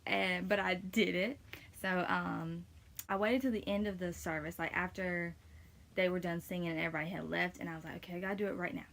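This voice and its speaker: A woman's voice: fairly low pitch, steady tone, brisk, vocal fry, fairly bright tone, a little hiss or hum. A young woman casually telling a personal faith story, rambling with many fillers, emotional and close to tears. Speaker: vlogger sharing testimony.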